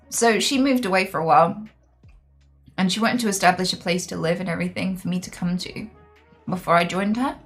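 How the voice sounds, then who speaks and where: Candid woman streamer. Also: medium pitch. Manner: frank, candid storytelling. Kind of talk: casual live-stream chat.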